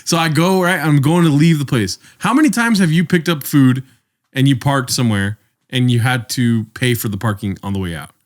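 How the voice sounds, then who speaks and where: A young man co-hosting a podcast tells a story in casual chat, animated and swearing often as he acts out the voices of the people in it. His voice is mid-range and runs a little fast.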